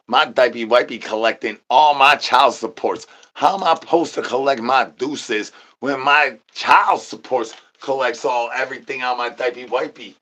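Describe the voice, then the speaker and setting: A man's voice: mid-range voice, fairly bright tone. A man streamer doing an absurd comedic rant, rambling in nonsense with stuttered repeats and sing-song catchphrases.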